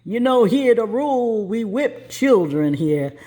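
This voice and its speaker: A woman's voice: a little high, big pitch swings, measured pace, mellow. Woman doing a stiff, formal school principal. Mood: stern. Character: strict male school principal, stiff and official.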